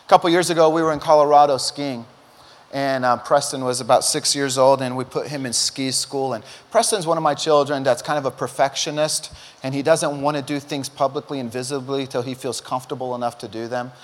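A middle-aged pastor preaches a sermon in a church auditorium, telling stories animatedly and acting out the quotes. His medium-pitched voice moves a little fast, and a long hall reverb fills the recording.

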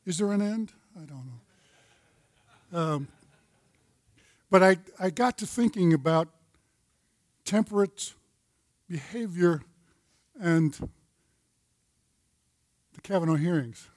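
A man's voice: high-pitched, lively intonation, slow, pauses often, darkish tone, no echo. A retired older man teaching a men's Bible study, telling a folksy story and citing scripture. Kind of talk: sermon-style teaching.

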